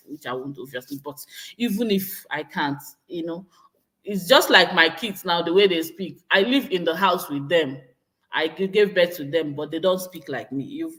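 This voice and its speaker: A Nigerian woman in her thirties hosting a livestream vlog, chatting to viewers in a lively, exclamatory way and reading out their comments. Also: sits low. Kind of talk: casual livestream talk to viewers.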